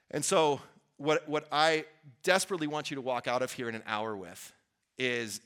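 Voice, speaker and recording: Bright, earnest male workshop speaker. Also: mid-range voice. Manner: earnest, conversational, restarts and asides to the audience. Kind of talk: motivational talk to a live audience. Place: event venue before an audience.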